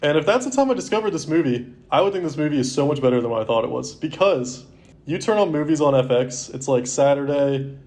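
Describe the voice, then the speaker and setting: A twenty-something podcast co-host rambles through a casual chat, stuffing his speech with "like." His voice is a little high and slightly mellow, expressive and fast.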